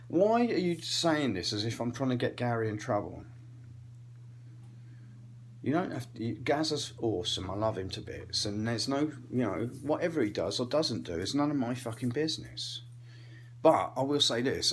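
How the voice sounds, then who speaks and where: A man's voice: medium pitch, a little hiss or hum. A man in his sixties with an English accent, ranting in a rambling, digressive way, swearing and sometimes dropping to a whisper. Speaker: comedian. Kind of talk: rambling comic rant.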